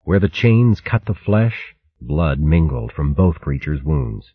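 A man narrating a storybook in a measured, dramatic way. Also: extremely low pitch, big pitch swings, breathy edge, no echo. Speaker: audiobook narrator. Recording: dull dry audiobook recording.

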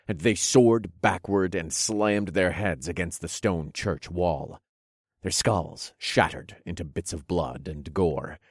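A very deep-voiced man narrates a dark fantasy audiobook with dramatic storytelling flair. The recording is close and dry, with no room sound at all.

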